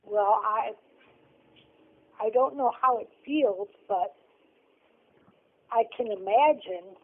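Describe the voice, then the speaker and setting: Older woman, slow, on the phone. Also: on the high side. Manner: short, plain answers. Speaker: interviewee, host's grandmother. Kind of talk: casual chat. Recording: tinny phone line.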